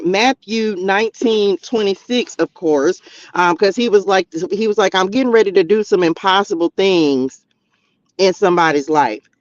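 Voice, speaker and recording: A man hosting a spiritual livestream, preaching casually and talking straight to his viewers in animated slang while reading tarot cards. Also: high-pitched, no echo, lo-fi sound. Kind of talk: casual preaching to a live chat. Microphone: streaming mic.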